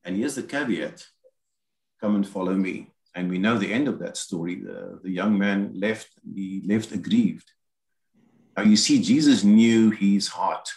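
Low-voiced man preaching in an echoey room. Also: unhurried, creaky, a little mellow. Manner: expository, quotes scripture in acted asides. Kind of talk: sermon. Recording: roomy echo.

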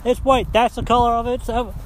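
A man's voice: extremely high pitch, level tone, fairly quick, a little hiss or hum. A man hosting a podcast, delivering a coarse, heated monologue full of swearing, recorded on a phone outdoors. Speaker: podcast host. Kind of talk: profane ranting monologue.

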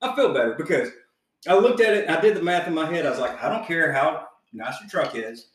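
This podcast co-host has a man's voice on the high side with a brisk delivery. He tells a story in casual chat, animated and profane, swearing freely and laughing as he goes. The room is very echoey and he sits far from the mic.

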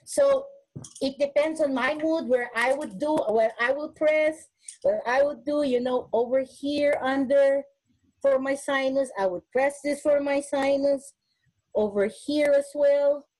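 A woman's voice: sits high, a little slow, darkish tone, rough recording. A woman who is a nurse, speaking earnestly at a webinar and showing self-care techniques, often restarting her sentences. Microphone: webinar recording.

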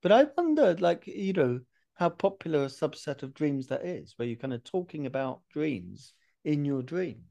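Lively man with a gravelly edge. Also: fairly high pitch, moderate pace. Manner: animated storyteller, laughs often. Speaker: podcast host. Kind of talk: casual chat.

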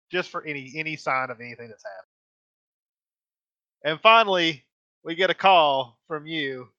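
A man's voice: on the high side, pushed and bright, dry recording, lo-fi sound. A man co-hosting a podcast in casual chat, telling a story. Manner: rambling storyteller with many restarts and fillers. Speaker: podcast co-host.

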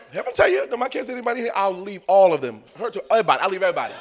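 Pastor guy preaching, aave, voice jumps all over, loud then hushed. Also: high-pitched, racing, hardly any pauses. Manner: animated preaching, swinging from loud calls to hushed asides. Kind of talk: sermon.

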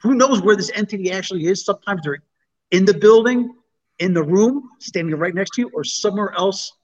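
A high-voiced man chats casually about ghost hunting, often stumbling over the first words of a sentence. The recording sounds dull and lo-fi. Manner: halting, repeats words when starting. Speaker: paranormal investigator. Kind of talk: casual chat.

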